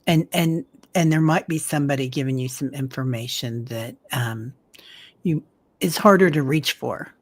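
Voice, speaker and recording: A low-pitched woman hosts a live-streamed healing chat. She talks softly and warmly encourages her guests, with an affectionate manner. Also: moderate pace. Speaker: host.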